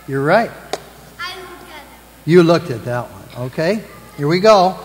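A man as pastor giving the children's message in church, gently asking the kids questions. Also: on the high side, lively intonation, slow, long reverb tail, faint music behind, rough recording. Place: church sanctuary.

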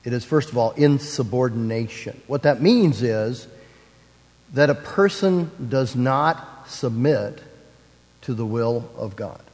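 A man, a pastor, preaching a sermon with slow, deliberate phrasing. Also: medium pitch, darkish tone, in a large hall.

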